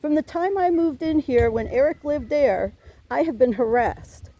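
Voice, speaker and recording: Aggrieved middle-aged woman, rambling and mellow. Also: high-pitched, animated, normal speed, no room sound. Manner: rambling and aggrieved, swears, restarts often. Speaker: tenant reporting harassment to police. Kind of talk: emotional complaint to an officer.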